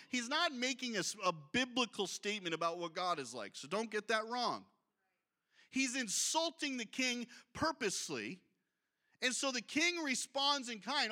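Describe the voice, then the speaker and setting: A man preaching a sermon, reading scripture aloud and breaking off into lively, conversational asides. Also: very high voice. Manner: reads scripture aloud, then breaks off to comment. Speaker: pastor.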